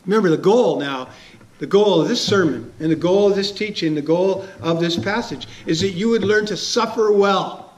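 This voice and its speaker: A man preaching a sermon as a pastor, conversational and chuckling, asking his listeners questions. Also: high voice.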